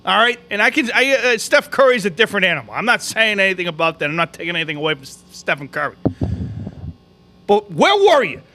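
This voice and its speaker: A man, co-hosting a podcast, ranting loudly about basketball with constant swearing and frequent shouting. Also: high-pitched, lively intonation, rapid-fire, hardly any pauses, a little hiss or hum. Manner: loud, swearing, shouting often. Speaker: podcast co-host. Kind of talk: profane sports rant.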